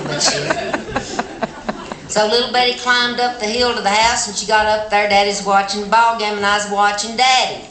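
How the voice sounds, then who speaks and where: A middle-aged woman with an Appalachian accent telling a tale live on a festival stage, folksy, animated and plainspoken. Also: medium pitch. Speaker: storyteller. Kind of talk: live storytelling performance. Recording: echoey hall with background noise.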